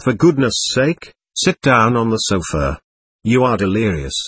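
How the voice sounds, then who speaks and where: A man reading as a gentle, anxious younger brother. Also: lowish voice, very animated, measured pace, slightly rough, no room sound, heavily acted. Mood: soothing. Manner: soothing, worried.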